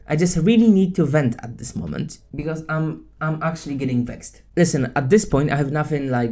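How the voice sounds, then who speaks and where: A woman YouTuber delivering an angry, profane comedic rant, with sudden bursts of shouting. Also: a bass voice. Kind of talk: comedic ranting vlog.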